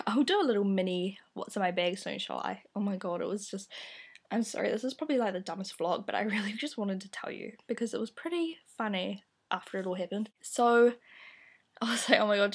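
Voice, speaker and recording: A young woman chats straight to her camera, telling a story with a self-deprecating, giggly manner. Her voice has a gravelly fry in it, at a middle pitch for a woman. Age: young adult. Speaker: vlogger. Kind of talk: casual chat to camera.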